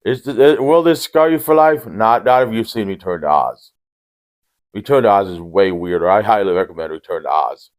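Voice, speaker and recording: A man giving a casual, rambling movie recap with deadpan jokes and frequent restarts. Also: on the low side, normal speed. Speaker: movie reviewer.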